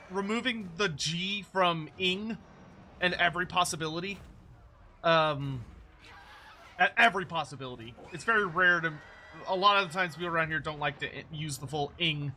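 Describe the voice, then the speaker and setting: Man, from Texas, General American accent, stream host, casual rambling chat, high voice, very bright tone, laughs easily. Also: slight background noise. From Texas, United States. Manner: rambling and chatty, with frequent fillers and restarts. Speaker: livestream host. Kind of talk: casual live-stream chat, answering viewers.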